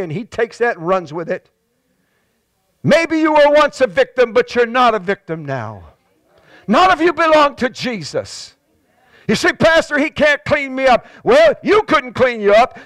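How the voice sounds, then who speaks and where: A male pastor with a New England accent preaching a fervent sermon, stacking repeated words and swelling into shouts. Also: no echo. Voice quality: high-pitched and impassioned, repeating words as he builds.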